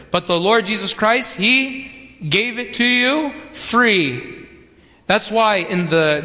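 A man with a high-pitched, sharp voice preaches a sermon in church, emphatic and repeating key phrases for weight. A church hall's long reverb surrounds his voice.

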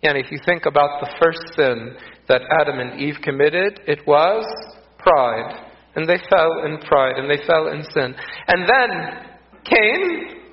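A man's voice: a little high, measured pace. A man preaching a sermon, earnest and repeating phrases for emphasis. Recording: echoey, dull lo-fi room sound.

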